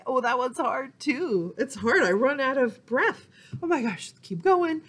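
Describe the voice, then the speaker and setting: A woman's voice: sits high, big pitch swings, measured pace, fairly bright tone. A woman leading a library storytime lesson for toddlers, talking in a cheerful sing-song way. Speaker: children's librarian.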